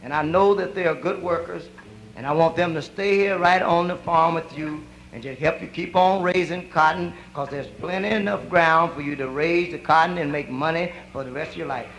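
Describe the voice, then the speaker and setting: A male comedian playing a dying old preacher who pleads softly and slowly with his wife. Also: fairly high pitch, slight background noise, pitched below the performer's own voice, poor audio. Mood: pleading.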